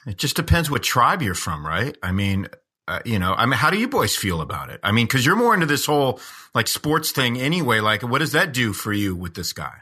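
A man's voice: medium pitch, big pitch swings, brisk, sharp tone, breathy edge. A man co-hosting a casual podcast chat, rambling with lots of "I mean" and "like". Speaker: podcast co-host.

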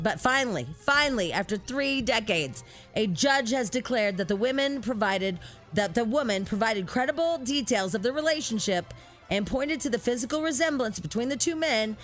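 A woman co-hosting a talk show, chatting casually and telling celebrity gossip in an animated storytelling way. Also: mid-range voice.

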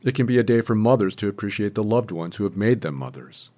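Low-voiced male radio reporter. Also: expressive, fast, warm tone. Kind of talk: scripted news narration.

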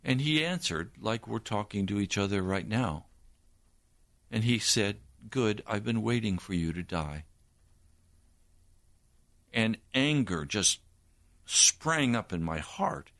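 Slow, earnest older man testifying. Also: on the low side, lively intonation, a bit bright, dry recording. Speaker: preacher. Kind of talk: personal testimony.

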